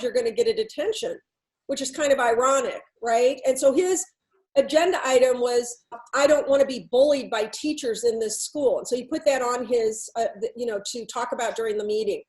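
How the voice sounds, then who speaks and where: A woman podcast host and workplace consultant, telling a story with animated, quoted dialogue. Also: sits high, rough recording. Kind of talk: storytelling talk.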